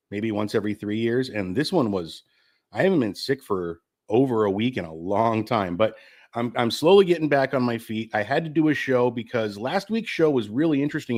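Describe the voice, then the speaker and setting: A man's voice: mid-range voice, darkish tone. A middle-aged man getting over the flu and short of breath, hosting his own live-streamed talk show in a candid, rambling way and swearing freely.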